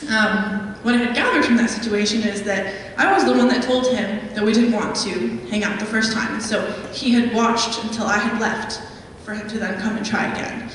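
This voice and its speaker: A woman's voice: a little high, normal speed, few pauses, a bit bright, slight background noise. A young woman, a guest speaker, telling a chatty story with many ums to a live audience. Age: young adult. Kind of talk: live talk with audience questions. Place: meeting hall. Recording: echoey hall from far off.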